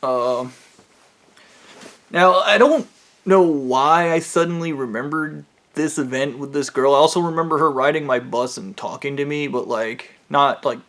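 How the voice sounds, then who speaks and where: A man's voice: a little high, unhurried, a bit bright. A man telling a rambling story from his own life in a casual, profane way, with plenty of fillers. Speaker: vlogger.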